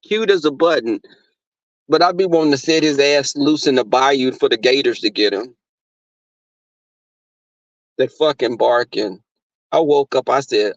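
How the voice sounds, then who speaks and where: A man's voice: mid-range voice, a little slow, long pauses, no echo, muffled recording. A man telling crude, profane stories to live viewers from his workplace. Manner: crude, animated, frequent laughs and swearing. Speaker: live streamer.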